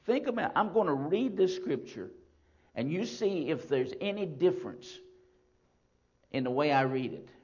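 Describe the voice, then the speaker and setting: A man preaching a sermon to his congregation, stressing phrases slowly and repeating them for emphasis. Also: on the high side, big pitch swings, breathy edge. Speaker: pastor. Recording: dull lo-fi sound.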